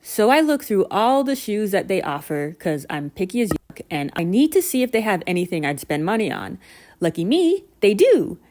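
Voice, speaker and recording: A woman vlogger narrating a scripted story in an animated, exasperated and self-mocking way. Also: medium pitch, moderate pace.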